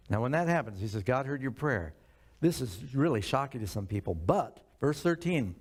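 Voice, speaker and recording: A man's voice: medium pitch, big pitch swings, a little fast, darkish tone, slightly rough. An older man preaching a sermon in a conversational way, asking the congregation questions as he reads scripture. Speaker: pastor.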